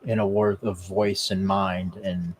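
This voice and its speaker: Low-voiced guy on a live stream, stumbles and repeats himself, faint hiss behind. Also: level tone, poor audio. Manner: halting, repeats words, shaken. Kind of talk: casual live-stream talk.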